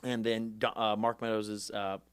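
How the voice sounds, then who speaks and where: A young man in his 20s, a former congressman, tells his story as a guest in an animated storytelling interview. His voice is lowish, clear and resonant, with little pitch movement and a moderate pace. He acts out the voices of people he quotes, brings rally-speech energy, and swears freely.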